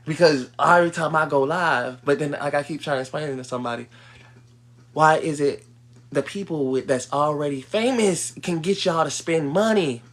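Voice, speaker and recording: A fairly high-voiced man rants on a livestream. His delivery is heated and profane. It drops to low mutters, then swings up into loud, sharp outbursts. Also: moderate pace. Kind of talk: livestream rant.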